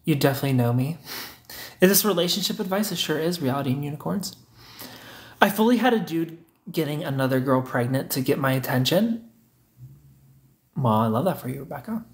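A man's voice: a little high, lively intonation, brisk, long pauses. A young man, hosting a casual livestream, reading chat comments aloud and teasing viewers in a joking way.

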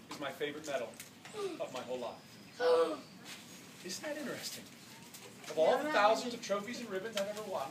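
A man in his forties giving an earnest, animated motivational talk to children as a swim clinic coach, dropping soft and then bursting loud, in a large indoor pool hall. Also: sits high. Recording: echoey, distant, noisy hall.

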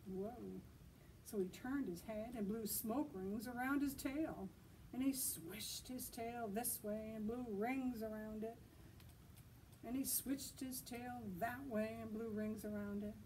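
Librarian lady reading to kids outside, soft mellow voice, kinda far from the mic with faint outdoor noise. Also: a little high, steady tone, measured pace. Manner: gentle, asking listeners questions. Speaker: children's librarian. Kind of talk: children's storytime reading.

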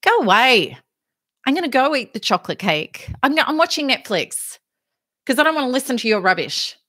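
A woman acting out a selfish parent who brushes off a crying child, in a brusque, quick, cold way. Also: high voice, very animated, sharp tone, heavily acted. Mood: dismissive.

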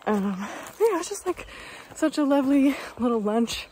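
A young Canadian woman vlogs to her camera outdoors on a hiking trail, upbeat as she tells a story full of fillers. Her voice is high-pitched and sing-song, she speaks slowly, and there's a little hiss or hum.

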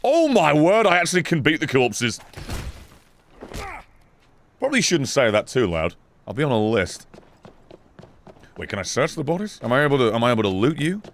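A man giving excitable, profane, laugh-filled commentary while playing a video game. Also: medium pitch, normal speed, long pauses, slight background noise. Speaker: gaming YouTuber. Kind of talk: let's play commentary.

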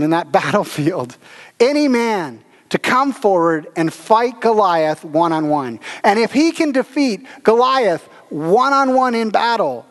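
A man's voice: high-pitched, sing-song, measured pace, in a large hall. A man pastor giving a conversational sermon at a church service, telling stories with chuckles and filler words.

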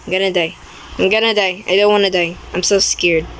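A woman's voice: medium pitch, steady tone, a little fast, a bit bright, a little hiss or hum, low-quality recording. A young woman commenting on her own gameplay, easily startled, with frequent exclamations and non-native English grammar. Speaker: gaming video creator.

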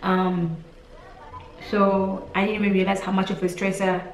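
A woman's voice: mid-range voice, flat delivery, unhurried, slight background noise. A young woman with a Namibian accent gives an intimate heart-to-heart vlog talk, emotional and close to tears, rambling with lots of "like" and "literally". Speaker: beauty vlogger. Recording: roomy echo, distant mic, faint music.

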